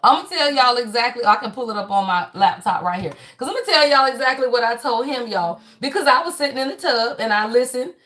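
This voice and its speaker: A woman's voice: a little high, a little fast, hardly any pauses. Blunt, cussing woman hosting a live stream. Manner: blunt, profane, calls the audience "y'all" constantly; lively, preachy and emphatic. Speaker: spiritual reading channel host. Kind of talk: casual livestream chat.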